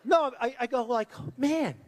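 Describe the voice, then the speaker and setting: A presidential candidate with a high, swinging voice speaks a little fast at a rally in a school hall. His speech rambles and boasts, repeats itself, and he acts out the voices of people he quotes. The hall adds a long reverb.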